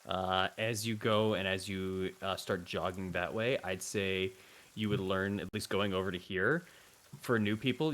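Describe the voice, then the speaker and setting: A man's voice: fairly low pitch, a bit bright, poor audio. A man running a tabletop game as game master, describing the scene in a rambling, hesitant way.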